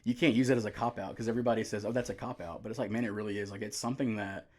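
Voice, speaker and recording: A man's voice: lowish voice, rapid-fire. Laid-back man telling a story. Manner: relaxed storytelling, fillers like "man" and "like". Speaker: youth pastor. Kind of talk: casual podcast conversation.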